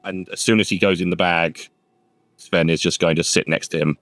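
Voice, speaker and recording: A man playing a tabletop role-playing game, talking in rambling, halting restarts. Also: low voice, steady tone, a bit bright, no room sound. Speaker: player. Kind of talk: casual tabletop role-play.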